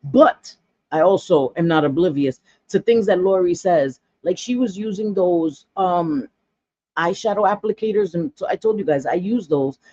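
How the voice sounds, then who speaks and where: A woman's voice: fairly low pitch, expressive, normal speed, dark tone, no echo, highs cut off. A woman in her forties chatting bluntly through a makeup tutorial, gossipy and full of dramatic asides. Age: 40s. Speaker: makeup vlogger.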